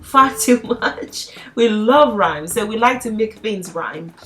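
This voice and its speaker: A woman's voice: medium pitch, lively intonation, slow, fairly bright tone. A young woman teaching a casual spoken lesson, chatty and laughing often, with playful mock pleas. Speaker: language teacher.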